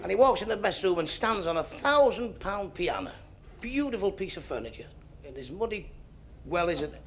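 Comic w gravelly voice, snappy one liners, crowd murmur in the room. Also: male voice, high voice, big pitch swings, slight background noise. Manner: quick one-liner delivery. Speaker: stand-up comedian. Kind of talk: stand-up joke telling. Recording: live club with faint crowd.

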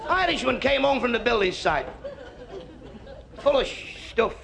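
Gravelly comic telling one-liners. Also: male voice, extremely high pitch, sing-song. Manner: quick one-liner delivery. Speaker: stand-up comedian. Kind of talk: stand-up joke telling. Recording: live club with faint crowd.

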